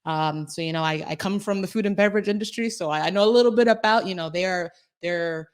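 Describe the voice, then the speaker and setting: A woman's voice: lowish voice, quick pace, clear, resonant tone. A woman co-hosting a health podcast, explaining things in a chatty way with acted-out little asides. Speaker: podcast co-host, health coach. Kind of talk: casual podcast chat.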